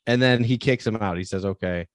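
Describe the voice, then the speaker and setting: A lower-voiced man chats through a movie plot, rambling and laughing often. He acts out bits of dialogue along the way. His voice sits close to the mic in a dry, dead room. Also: brisk, dry recording. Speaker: podcast co-host. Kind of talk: casual movie review chat.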